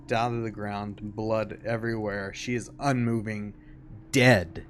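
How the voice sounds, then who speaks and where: Male game master, deeper register, unhurried scene narration, slight noise floor. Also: flat delivery.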